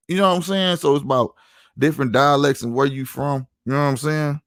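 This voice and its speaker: This slangy host from St. Louis, USA, has a mid-range, slightly bright voice and talks fairly quickly. The clean studio audio has no room sound, and his casual podcast chat is full of stories and repeated "you know what I'm saying."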